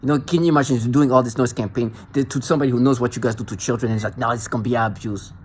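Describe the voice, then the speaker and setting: A man's voice: mid-range voice, steady tone, very fast, a little mellow, a little hiss or hum. Angry man ranting straight at someone. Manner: ranting, confrontational, repetitive. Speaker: vlogger. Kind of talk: angry accusatory monologue.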